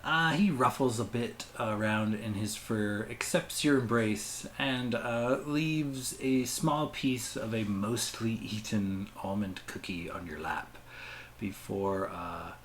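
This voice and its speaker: A man running a tabletop game as game master, narrating in a relaxed, rambling way. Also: mid-range voice, takes it slowly, hardly any pauses, a little hiss or hum. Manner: relaxed, rambling, casual swearing.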